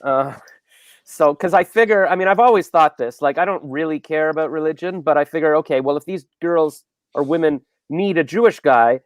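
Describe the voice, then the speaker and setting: Canadian comic in his forties, rambling and self-deprecating, a touch high, dry close recording. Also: fairly quick, dry recording. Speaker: comedian guest. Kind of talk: casual chat on an online comedy show.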